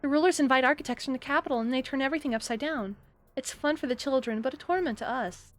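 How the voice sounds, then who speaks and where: A woman reading as a tired townswoman from a game, fretting that the world is changing too fast. She speaks in a slightly high, lifted voice, half reading and half acting the part. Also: close to an everyday voice. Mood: weary. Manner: reading game dialogue aloud, mildly lifted. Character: weary adult townswoman, anxious about change.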